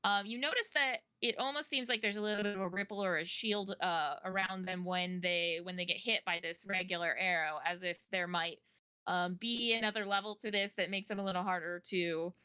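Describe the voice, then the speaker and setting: A woman's voice: mid-range voice, fairly even intonation, brisk, bright, forceful tone, smooth, no room sound. A woman narrating a tabletop game as game master, casual and loose with fillers and restarts.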